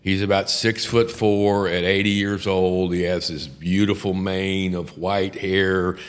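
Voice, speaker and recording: Older man, seasoned trial attorney; deep, cursing, animated raconteur; reverberant room sound. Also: measured pace, smooth. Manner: profane, animated storyteller who acts out courtroom voices. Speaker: criminal defense attorney, podcast host. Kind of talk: casual storytelling chat.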